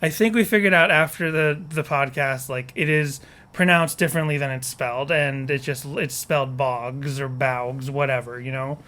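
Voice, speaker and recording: A man's voice: mid-range voice, fairly even intonation, moderate pace, bright, forceful tone. A man co-hosting a casual podcast, rambling, joking and correcting himself as he talks on a porch. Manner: rambling, self-correcting, jokey. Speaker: podcast co-host.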